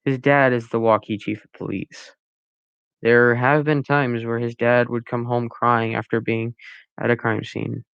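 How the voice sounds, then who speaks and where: Slow, gravelly amateur male story reader. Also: mid-range voice, little pitch movement, no echo, highs cut off. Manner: halting, with restarts and self-corrections. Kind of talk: reading his own story aloud.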